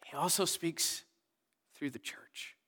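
A young male pastor delivers a laid-back sermon in a slightly high voice, talking to the congregation like friends. He rises to loud readings and drops to near whispers. The sound rings with the long reverb of a church hall. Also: takes it slowly, breathy edge. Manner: casual, conversational preaching with sudden loud readings and soft whispered asides. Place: church sanctuary.

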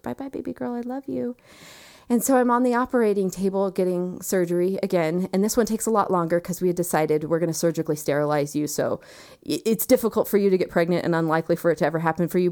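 Woman, 30s, lowish voice, earnest storyteller, hushed reflective delivery. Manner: earnest and reflective, quiet moments with soft laughs. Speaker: guest telling her story. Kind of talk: personal storytelling in a conversation.

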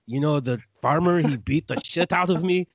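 A foul-mouthed reptilian bounty hunter for a tabletop game, as a man puts him on, pitched well above his usual voice. The tone is strained and bleating, with an altered timbre. He rambles along in an indignant, swearing voice. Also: normal speed, dry recording, dull audio. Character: crude, excitable reptilian male bounty hunter.

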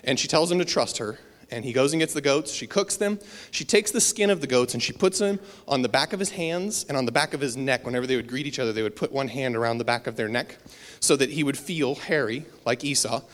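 A man's voice: mid-range voice, lively intonation, brisk, fairly bright tone. A man giving a casual, storytelling sermon, with fillers and self-deprecating asides. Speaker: preacher. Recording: long hall reverb.

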